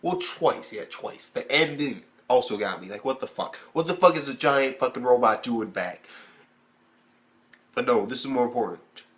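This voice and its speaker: A young man rants through an anime episode review in a loose, profane, conversational way. He keeps jumping into quick impressions of the characters, his voice shooting up high in disbelief before dropping back to his ordinary middle-pitched talk. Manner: animated, heavy swearing, acts out characters in high squeaky bursts. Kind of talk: casual profane video review.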